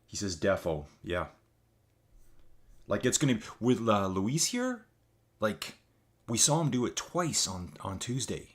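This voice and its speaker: Fairly low in pitch and sing-song, this tired man hosts a casual live stream at an unhurried pace, leaving long pauses. He chats loosely with viewers, calling them folks, into a desk mic with adjustable gain.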